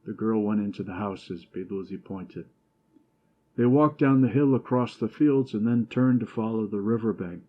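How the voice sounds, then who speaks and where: Man, audiobook narrator, measured storytelling, low voice, muffled lo-fi sound. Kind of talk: scripted narration.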